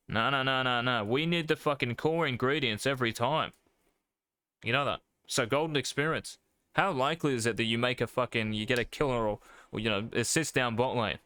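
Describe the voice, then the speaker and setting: A man's voice: mid-range voice, bright, forceful tone, no echo. A man coaching a player over a live stream, blunt and profane, calling his student mate. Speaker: game coach.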